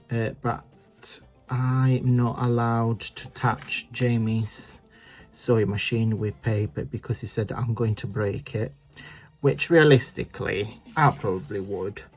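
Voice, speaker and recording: A man's voice: mid-range voice, darkish tone. Chatty man demonstrating a craft. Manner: chatty, self-deprecating, talks while working. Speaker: crafting channel host. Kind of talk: casual crafting tutorial.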